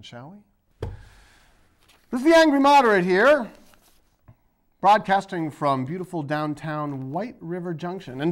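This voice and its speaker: A man from the Boston area in the USA hosts his own video blog, ranting about politics in a rambling, sarcastic, emphatic way. His voice is on the high side.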